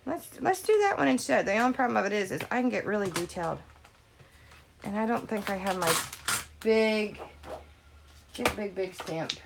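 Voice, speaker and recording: A woman vlogging about paper crafting in casual chat, ranting in an animated way and swearing freely as she works at her craft table. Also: medium pitch, moderate pace, creaky, pauses often, noisy background. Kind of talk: casual chat while stamping cards.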